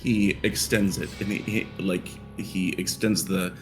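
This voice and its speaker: A man narrating a tabletop role-playing game as game master, relaxed and wry. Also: low-pitched, measured pace. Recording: clear music behind.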